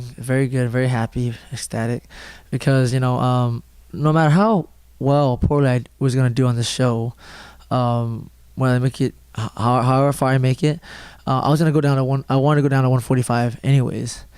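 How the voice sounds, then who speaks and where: A man's voice: mid-range voice, steady tone, a little fast, darkish tone, clear, resonant tone, no echo. A young man, a fighter, answering interview questions in a rambling, filler-heavy way at a gym. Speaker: mixed martial arts fighter.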